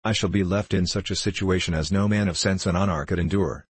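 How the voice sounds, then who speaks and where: A man reading the part of an earnest, resentful young nobleman in a storybook, with a deep, husky voice. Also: steady tone, a little fast, no room sound. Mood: indignant. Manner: earnest, indignant.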